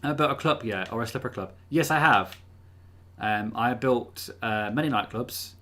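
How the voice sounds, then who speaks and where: Bright-voiced chatty man streaming. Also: medium pitch, moderate pace. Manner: rambling, filler-heavy, chatty. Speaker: livestream host. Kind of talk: casual live-stream chat. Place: room at home.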